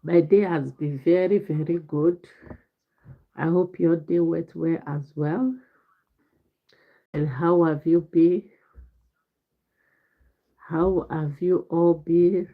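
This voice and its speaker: Stuffy-voiced woman, slow live-stream host, lowish voice, tinny phone-quality sound. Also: fairly even intonation. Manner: slow, greeting viewers one by one. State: congested from a head cold. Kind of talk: casual live stream chat. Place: home in Ireland.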